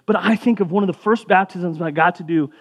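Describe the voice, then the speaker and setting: A man's voice: sits high, brisk. A man preaching as a pastor, talking in a conversational way with asides, his voice rising for emphasis. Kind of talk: sermon.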